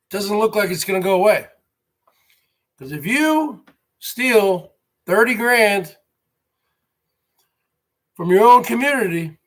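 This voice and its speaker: A man's voice: high-pitched, fairly bright tone. A man hosting a livestream, ranting in an indignant, repetitive and emphatic way. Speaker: livestream host.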